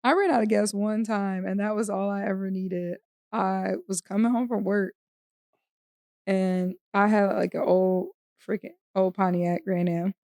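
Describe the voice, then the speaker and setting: A woman's voice: medium pitch, measured pace, no echo, studio quality. A woman co-hosting a podcast, telling a story in casual chat and acting out the quotes. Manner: animated storyteller who acts out quotes. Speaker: podcast co-host.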